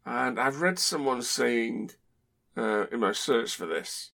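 A man's voice: medium pitch, expressive, slow pace, gravelly, sharp tone. A man from Britain hosting a podcast, talking in a chatty, rambling, wry way. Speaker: podcast host. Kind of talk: casual chat.

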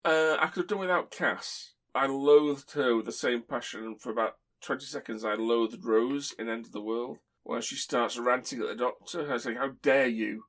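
A man's voice: mid-range voice, normal speed, hardly any pauses, fairly bright tone. A man hosting a podcast, telling stories in a rambling way and chuckling as he talks. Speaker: podcast host. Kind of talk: casual chat.

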